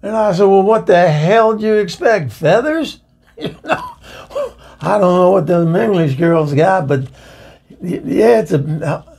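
A man puts on a full character voice as a chatty, bawdy middle-aged woman hosting the show and introducing a music video. His voice is a little high, husky, a little mellow, and edged with vocal fry as she rambles through gossipy stories with chuckles in this comedic monologue.

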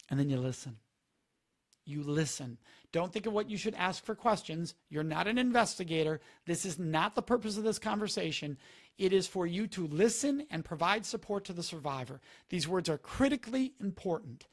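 A man with a high, expressive voice speaks at a moderate pace on a live stream. He is addressing a live audience about preventing sexual assault, giving earnest, instructive advice and repeating key words for emphasis.

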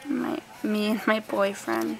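Slow-talking woman with a gravelly lilt. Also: mid-range voice, fairly even intonation, soft background music, rough recording. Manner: soft, chatty, trails off and restarts. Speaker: scrapbooking vlogger. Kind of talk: casual show-and-tell. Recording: faint background noise.

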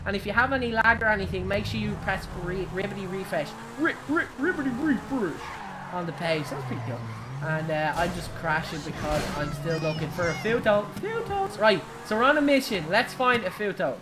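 A young Irish woman giving excitable, giggly live commentary while playing a driving game, shrieking at her crashes. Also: medium pitch, noisy background. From Ireland. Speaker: game streamer. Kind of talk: live gaming stream commentary.

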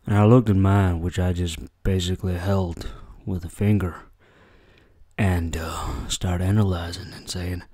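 A man's voice: deep voice, fairly even intonation, a little slow, mellow, no echo, clean studio sound. A man hosting a comedy reaction video, mock-dramatic and self-mocking, swearing freely. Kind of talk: jokey reaction commentary.

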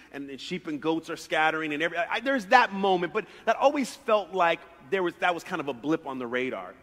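A male pastor preaching a sermon in a conversational, animated way, often repeating words as he builds his points. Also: sits high. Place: church sanctuary. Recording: reverberant church hall.

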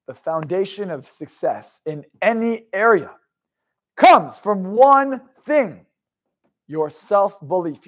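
A young man with a high-pitched voice tells motivational stories as a confidence coach. He drops into quiet, confiding narration, then breaks into loud, forceful outbursts, swearing casually as he drives his point home. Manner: swings from low storytelling to loud emphatic outbursts, swears freely. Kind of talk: motivational storytelling monologue.

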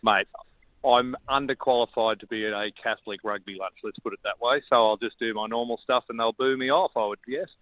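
Wry Australian guest on a dull line. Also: male voice, mid-range voice, steady tone, brisk, no room sound. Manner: wry, dry humour. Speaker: radio guest, breakfast host. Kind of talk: casual radio banter.

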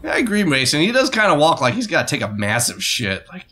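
A man's voice: on the high side, huge pitch swings, fast talker, sharp tone. A man co-hosting a let's play, chatting casually, laughing often and swearing freely as he reacts to the game. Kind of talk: casual gaming banter.

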